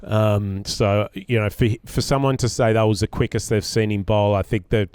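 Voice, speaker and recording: Australian man, low pitch, smooth clear voice, halting with ums, dry sound. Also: fairly even intonation, a little mellow, dry recording. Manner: hesitant, many ums and restarts. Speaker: cricket podcast co-host, former player. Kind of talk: casual chat, storytelling.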